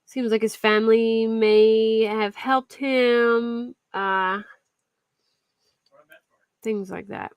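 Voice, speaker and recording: A woman's voice: on the high side, little pitch movement, drawn-out words, pauses often, clear, resonant tone, no room sound. Young woman, chatty streamer, answers viewers, dry close desk mic. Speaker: true crime streamer host. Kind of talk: casual live-stream chat. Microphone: desk mic at a computer.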